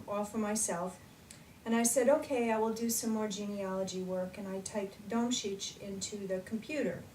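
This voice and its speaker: A woman telling her personal story in an excited, animated way, recorded as an interviewee. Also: medium pitch, echoey room, recorded from a distance, slight background noise, low-quality recording.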